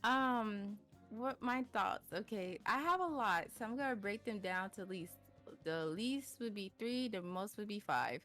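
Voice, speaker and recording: A woman talks in a loose, rambling way, filling her sentences with fillers and breaking into laughs. Her voice sits at a middle pitch. She is on a streaming mic at home, with faint music playing underneath. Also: expressive, unhurried, fairly bright tone. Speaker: interview guest, VTuber. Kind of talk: casual chat.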